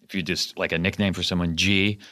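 A man as a guest in a casual comedic chat, playful and quick to mock outrage. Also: low voice, little pitch movement, pushed and bright. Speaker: podcast guest.

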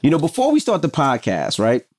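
A man's voice: fairly high pitch, brisk. A middle-aged man co-hosting a podcast, chatting casually and telling stories with lots of energy and restarts. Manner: animated storyteller, restarts and acts out voices. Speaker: podcast co-host. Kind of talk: casual chat.

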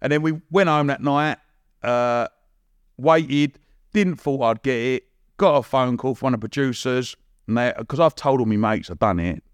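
A young man with a London accent, a podcast guest telling a story in a lively, cheeky way, acting out what people said and laughing often. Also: mid-range voice, normal speed, clean tone, dry recording, studio quality. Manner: blunt and cheeky, swears casually. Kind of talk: casual storytelling.

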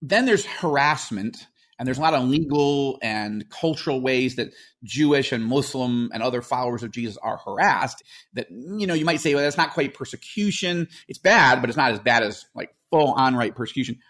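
A man's voice: medium pitch, lively intonation, moderate pace, a bit bright. A man talks on a podcast in an earnest, explanatory way. He often restarts his sentences and drops in fillers as he goes. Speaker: podcast host. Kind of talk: casual podcast discussion.

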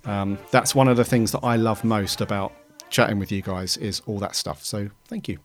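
A man hosting a podcast, talking in a relaxed, friendly way and thanking listeners. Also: lowish voice, moderate pace, soft background music. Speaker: podcast host and founder. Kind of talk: casual chat.

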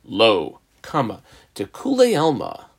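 A man's voice: medium pitch, wildly swooping pitch, takes it slowly, gravelly, husky. A man giving a Talmud lesson, explaining each step and marking the text aloud as he reads. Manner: explains step by step, marks text aloud, uses example names. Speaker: Talmud teacher.

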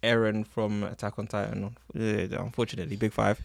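A man's voice: fairly low pitch, flat delivery, brisk, creaky, no echo, clean studio sound. A man hosting a casual podcast chat. He rants with lots of slang and laughs often. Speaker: podcast host.

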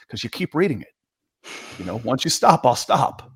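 A man co-hosting a casual sports talk show, giving animated opinions with frequent restarts. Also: mid-range voice, fairly quick, husky, no echo, studio quality. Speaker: sports talk co-host and writer.

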